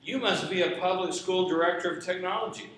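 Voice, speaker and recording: A man's voice: high-pitched, a little fast, noisy background, pitched above the performer's own voice, lightly acted. A man voicing an impatient, lost man in a hot air balloon within a told joke, with a raised voice. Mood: exasperated. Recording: echoey hall, distant mic.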